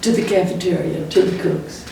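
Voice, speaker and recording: A former school teacher, now older, tells personal stories from her classroom with fondness and frequent chuckles. Her gravelly voice sits low, with fairly even intonation at normal speed. Echo, a distant mic and faint noise are present.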